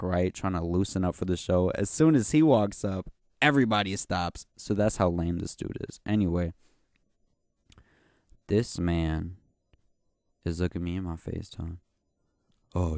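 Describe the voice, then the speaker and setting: A man's voice: sits low, a little mellow, smooth, no echo, studio quality. A young man hosting his own podcast, telling a story in a slangy, profane, boastful way that rambles and keeps circling back to "you know what I'm saying.". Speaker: podcast host. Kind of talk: casual solo podcast rant.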